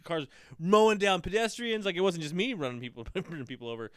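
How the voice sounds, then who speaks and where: A man's voice: high-pitched, sing-song, quick pace, fairly bright tone, smooth, no echo, clean studio sound. A man in casual chat about video games, laughing often and trailing off mid-sentence.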